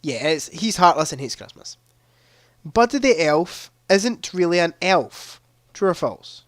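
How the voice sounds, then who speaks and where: A man's voice: fairly high pitch, sing-song, measured pace, dry recording, studio quality. A young man hosting a live-streamed quiz, chatting casually into a headset mic and reading questions aloud with a ready laugh. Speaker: livestream quiz host.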